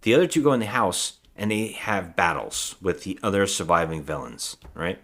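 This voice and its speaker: A man's voice: low-pitched, animated, moderate pace, fairly bright tone. A man co-hosting a podcast, casually recapping a movie plot in a rambling way, acting out quotes and swearing. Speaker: podcast co-host.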